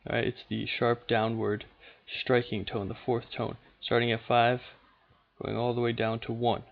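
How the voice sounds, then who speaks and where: A man of middling pitch talks through a lesson in a patient, steady way, pausing often with small fillers. The sound is dull and lo-fi, like an older home video. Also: creaky. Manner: patient, steady, with frequent "okay" and "uh". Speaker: language teacher. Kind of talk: unscripted explanatory lesson.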